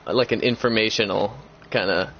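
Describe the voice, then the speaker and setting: In a steady tone and at a fairly quick pace, a lowish-voiced young man hosts a gaming chat. He rambles, circles back, and fills his talk with fillers and restarts. The dull, lo-fi recording carries a little hiss or hum.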